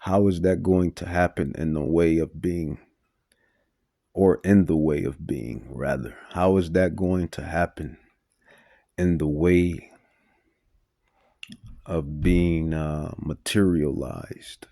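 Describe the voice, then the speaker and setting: A man's voice: extremely low pitch, steady tone, takes it slowly, gravelly, pauses often, dark tone, dry recording, studio quality. A man preaching a Bible teaching sermon, emphatic and repetitive with stumbling restarts.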